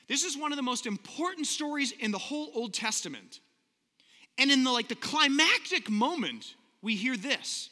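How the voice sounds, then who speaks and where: Bright-voiced pastor man in a reverberant hall. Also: sits high. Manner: casual storytelling, switching to slow emphatic delivery. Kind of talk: sermon.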